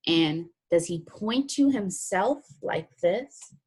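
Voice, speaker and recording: A woman's voice: mid-range voice, expressive, takes it slowly, a little mellow, breathy edge. A woman teacher walking students through a written assignment step by step, in a plain, practical way. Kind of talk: recorded classroom lesson walkthrough.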